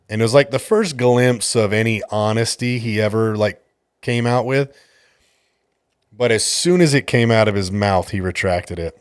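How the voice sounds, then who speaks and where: Low-voiced profane man telling a story. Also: moderate pace, clean tone, no echo, clean studio sound. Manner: profane, exasperated retelling. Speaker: podcast host and jiu-jitsu gym coach. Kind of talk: casual storytelling.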